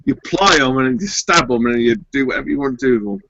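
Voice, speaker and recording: Bright-voiced joking British man. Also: medium pitch, animated, racing, creaky, no echo, muffled recording. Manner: blunt, joking, swears freely. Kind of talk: casual chat.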